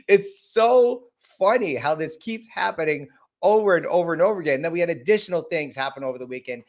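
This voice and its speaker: A man with a hoarse, cold-worn voice talks through the day's market on a livestream. He is casual and blunt, circling back over the same points and tripping into restarts. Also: medium pitch. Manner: rambling, repeats himself, frequent restarts; blunt and casual, greets viewers by name.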